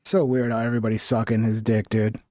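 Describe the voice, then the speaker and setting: A man's voice: on the low side, little pitch movement, quick pace, a little mellow. A man streaming casual reaction commentary, blunt and profane, often trailing off with "bro" and "dude".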